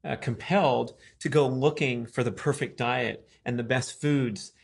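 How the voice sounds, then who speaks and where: A man's voice: mid-range voice, steady tone, measured pace, vocal fry. A man hosting a podcast in casual conversation, articulate and setting up the topic with long framing remarks. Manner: articulate, leads the talk with long framing remarks and short backchannels. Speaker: podcast host.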